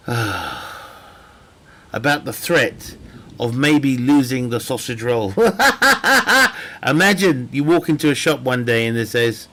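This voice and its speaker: A man's voice: medium pitch, very animated, slow, pauses often, sharp tone. A young man chatting casually while streaming a game, rambling and joking with frequent laughter. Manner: rambling, jokey, laughs often. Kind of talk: casual chat while gaming.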